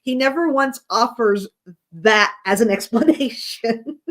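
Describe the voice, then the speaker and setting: A woman's voice: fairly high pitch, measured pace. Congested woman guest, rambling and laughing, call audio. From United States. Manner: rambling, laughing, self-correcting. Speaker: paranormal investigator guest. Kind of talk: casual chat.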